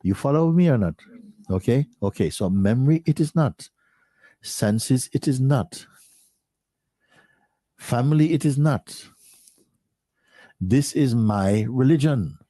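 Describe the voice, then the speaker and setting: A middle-aged man, a spiritual teacher, speaking slowly to listeners, repeating and questioning, often dropping to a soft near-whisper. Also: medium pitch, animated, no echo, studio quality.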